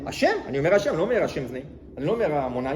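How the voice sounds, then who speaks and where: A man, a rabbi, teaching a lively Torah lesson, putting questions to his listeners and mixing in Hebrew phrases. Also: fairly high pitch, racing. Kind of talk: animated Torah lesson to a small group. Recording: echoey room with long reverb, faint noise.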